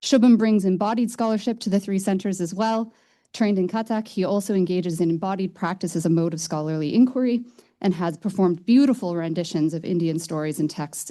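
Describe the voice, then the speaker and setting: Female event host reading a measured intro, low mellow voice. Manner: measured and formal. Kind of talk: formal read-out introduction.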